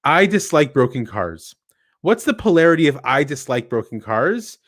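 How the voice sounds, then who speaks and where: A man's voice: a little high, big pitch swings, normal speed, a bit bright, dry recording, clean studio sound. A man giving an explanatory technical talk at a meetup, working through examples and asking rhetorical questions as he goes. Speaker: speaker at a tech meetup.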